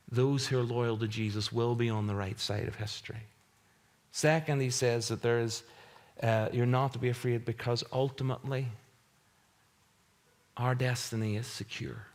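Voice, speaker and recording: A pastor preaching a sermon in an earnest, emphatic way, repeating key phrases for weight. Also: male voice, mid-range voice.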